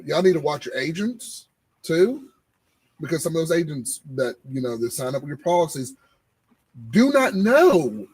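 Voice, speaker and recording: A man, co-hosting a casual podcast and telling animated stories about his old job. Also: a little high, normal speed, breathy edge, low-quality recording. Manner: animated storytelling, repeating phrases. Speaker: podcast co-host. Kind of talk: casual chat.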